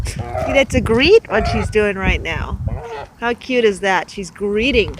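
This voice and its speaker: Outdoors on a gusty day in Arizona, a woman vlogs with her pet goose, chatting to the camera and cooing to the bird in sing-song baby talk. Her voice sits at medium pitch with lively intonation, and she speaks slowly. Wind noise runs through the recording.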